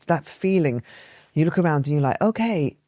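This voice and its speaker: A middle-aged woman co-hosting a podcast from a room at home, telling stories in a lively, animated way. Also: low voice, moderate pace, no echo, clean studio sound. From England. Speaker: podcast co-host. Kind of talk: casual chat.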